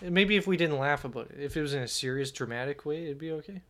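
A man's voice: fairly high pitch, fast talker, fairly bright tone. A man co-hosting a casual comedy podcast, telling anecdotes and laughing often. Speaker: podcast co-host.

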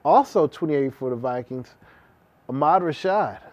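A man's voice: on the high side, lively intonation, a little slow, lo-fi sound. A man co-hosting a podcast, chatting casually, teasing dryly and listing sports names. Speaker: podcast co-host. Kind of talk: casual chat.

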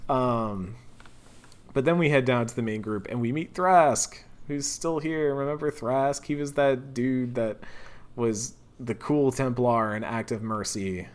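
A man's voice: medium pitch, measured pace. A man casually recapping a video game story on a podcast, laughing, swearing and acting out characters. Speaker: podcast co-host.

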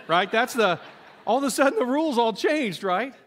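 With a very high-pitched voice at an ordinary speed, this middle-aged preacher tells a funny story from the pulpit. He performs the quoted voices of the people involved and trades jokes with his congregation.

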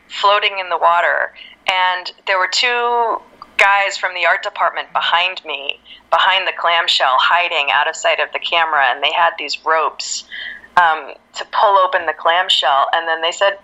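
An actress guest telling a story in a casual interview, laughing often and acting out what people said. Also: female voice, lowish voice, highs cut off. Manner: laughs often, animated, acts out quotes.

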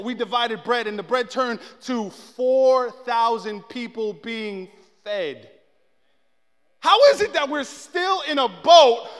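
A man preaching a casual, comedic sermon in a church, telling stories and acting out what people say. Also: extremely high pitch. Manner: animated storytelling, acts out quotes. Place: church sanctuary. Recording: long echo of a large hall.

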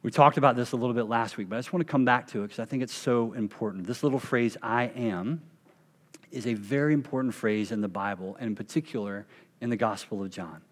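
A man pastor delivering a sermon with a mid-range voice. He leans hard on key phrases, stretching them out and dropping them to near a hush. The sound carries the long reverb of a church sanctuary. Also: medium pitch. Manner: emphatic, slows and drops to a hush on key phrases.

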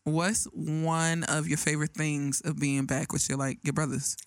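A woman interviewing a group in a casual, playful way, slangy and quick to laugh. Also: low voice, little pitch movement, dry recording.

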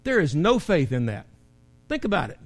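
A man with a high voice preaches a sermon, lively and emphatic, his delivery swinging from loud to quiet. He speaks as a pastor to his congregation. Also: moderate pace, creaky. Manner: animated, acts out quotes, rising and falling emphasis. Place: church.

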